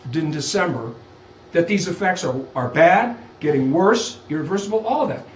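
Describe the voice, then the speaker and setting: Animated man lecturing in an echoey room. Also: high-pitched, slight background noise. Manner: emphatic, rhetorical questions, animated. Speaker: visiting law lecturer. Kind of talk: lunchtime law lecture. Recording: echoey room, far from mic.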